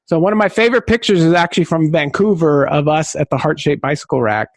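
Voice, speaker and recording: A man from Southern California, a podcast guest who tells stories in an excitable, high-energy way. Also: fast talker, dry recording. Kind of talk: enthusiastic podcast conversation.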